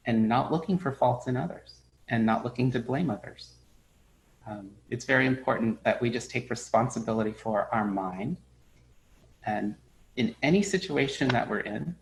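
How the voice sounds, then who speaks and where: A man giving a dharma talk as a Buddhist teacher, his voice sitting at an ordinary middle pitch. He speaks in a relaxed, halting way, with plenty of fillers and restarts. He tells stories and briefly acts out the people in them. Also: low-quality recording.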